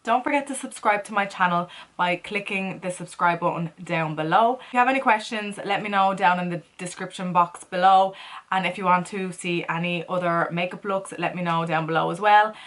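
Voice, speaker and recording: A woman's voice: on the low side, brisk, fairly bright tone. A woman chatting casually as she walks through a makeup tutorial, playful and talking to herself as she works. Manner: chatty, playful, talks to herself while working. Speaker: makeup vlogger.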